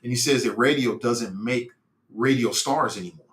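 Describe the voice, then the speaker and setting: A middle-aged man hosts a casual livestream podcast, talking in a loose, rambling way full of slang and restarts. His voice sounds bright and edged, set in an echoing room. He is from Cincinnati. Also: mid-range voice, normal speed. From Cincinnati, United States. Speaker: podcast host reading live chat.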